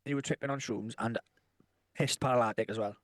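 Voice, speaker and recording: A man's voice: medium pitch, fairly even intonation, fairly quick, dry recording. A man co-hosting a podcast, telling crude stories with lots of swearing, laughing and acted-out quotes. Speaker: podcast co-host. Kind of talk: crude casual storytelling.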